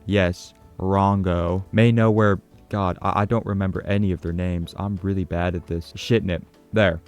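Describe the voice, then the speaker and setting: Foul-mouthed sarcastic man, smooth low voice. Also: flat delivery, normal speed, darkish tone, faint music behind. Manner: crude, sarcastic, heavy swearing. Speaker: gaming video narrator. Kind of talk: comedic game recap narration.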